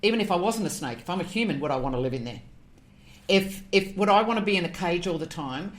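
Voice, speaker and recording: A woman with a fairly low voice talks earnestly as an interview guest. She often poses rhetorical questions and moves into stories. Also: lively intonation, quick pace. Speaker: guest, animal communicator. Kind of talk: interview conversation.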